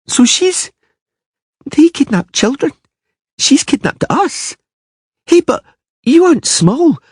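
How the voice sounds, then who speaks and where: A man's voice: very high-pitched, very animated, slow, no room sound, clean studio sound, voice pushed up, exaggerated voice. Man doing a whiny little princess girl. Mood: sulky. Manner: whiny, sniffling, petulant. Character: small, sulky, bossy young princess girl.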